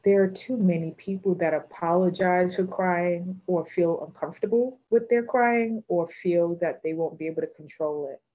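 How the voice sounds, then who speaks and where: A woman coach speaks in a fairly low voice with steady, encouraging advice, driving her points home by repeating phrases. The sound is dull and lo-fi. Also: normal speed, few pauses. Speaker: life coach guest. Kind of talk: advice in a live interview.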